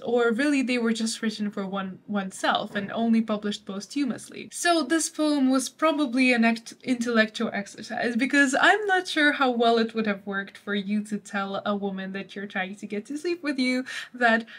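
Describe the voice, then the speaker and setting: A woman's voice: fairly high pitch, lively intonation, moderate pace, few pauses, a bit bright. A young woman explaining a poem for students in a chatty, playful way, laughing now and then. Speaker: literature study guide presenter. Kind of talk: study guide explanation.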